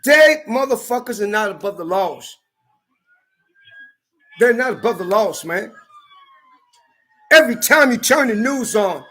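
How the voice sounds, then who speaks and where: Angry vlogger, male, very high sharp voice, profane ranting with frequent shouting. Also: lively intonation, unhurried, long pauses. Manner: heated, profane, often shouting. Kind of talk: angry rant to camera. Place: California.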